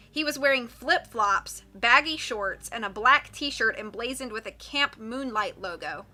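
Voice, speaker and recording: A woman reading a mystery novel aloud with a steady, expressive delivery. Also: a little high. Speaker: audiobook reader.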